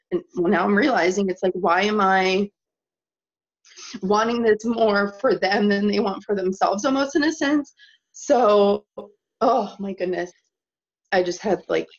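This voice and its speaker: Tearful young woman on a muffled call. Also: mid-range voice. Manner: breathless, halting, many likes. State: emotional, close to tears. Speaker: team leader, call participant.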